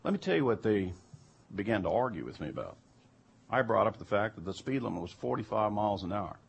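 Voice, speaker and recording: A man's voice: on the low side, very animated, quick pace, gravelly, slightly rough. A man telling a personal anecdote in an emphatic way that turns heated and incredulous. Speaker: storyteller recounting jury duty.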